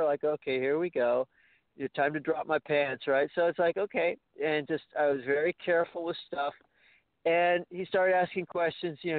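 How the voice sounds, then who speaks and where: A man's voice: a little high, steady tone, moderate pace, dry recording. Rambling man on a tinny phone line. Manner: rambling, restarts and stammers, acts out dialogue. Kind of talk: casual talk radio storytelling.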